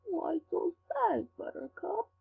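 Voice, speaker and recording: A woman's voice: fairly high pitch, big pitch swings, slightly rough, full character voice. A woman voicing a sneering, taunting male demon villain in a fanfic reading. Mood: mocking. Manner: taunting, slow and sly. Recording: tinny lo-fi with faint hum.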